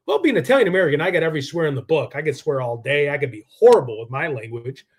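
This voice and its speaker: A man's voice: a little high, expressive, fast talker, husky. A man hosting a live true-crime stream, rambling and combative, with lots of filler words. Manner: rambling, combative, heavy use of "like".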